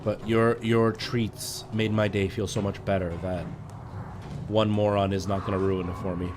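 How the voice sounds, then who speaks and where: A man's voice: on the low side, little pitch movement, normal speed, noisy background. A man live streaming and chatting casually to his viewers, ranting in exasperation as he talks straight to them over a headset mic.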